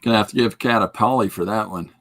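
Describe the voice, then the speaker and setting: A man's voice: fairly low pitch, quick pace, a bit bright. A man hosting a podcast stream, chatting casually and rambling with jokes while he draws and answers viewer comments. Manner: rambling, jokey, reads out and answers chat comments. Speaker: podcast host. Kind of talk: casual livestream chat while drawing.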